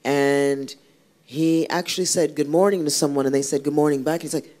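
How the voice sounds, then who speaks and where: A woman's voice: low voice, fairly even intonation, normal speed, dark tone. Chatty woman guest telling a rambling story. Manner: chatty, rambling storyteller who restarts often. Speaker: guest singer. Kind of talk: casual interview chat.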